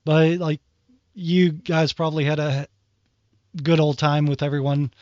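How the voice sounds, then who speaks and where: A man's voice: fairly high pitch, measured pace, no echo. A man co-hosting a podcast, rambling through examples in a casual chat. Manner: rambling, animated retelling with acted quotes. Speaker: podcast co-host. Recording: dry, dull lo-fi sound.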